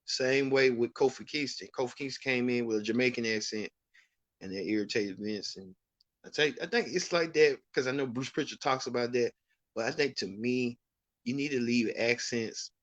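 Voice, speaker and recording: A man's voice: mid-range voice, normal speed, a bit bright, no room sound, muffled recording. A man hosting a wrestling recap show, giving rambling, opinionated commentary with frequent restarts. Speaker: host.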